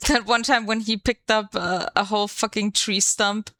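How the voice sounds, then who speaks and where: A woman's voice: mid-range voice, steady tone, normal speed, a bit bright, dry recording. A woman streamer chatting casually on a live stream, playful and swearing freely into a desk microphone.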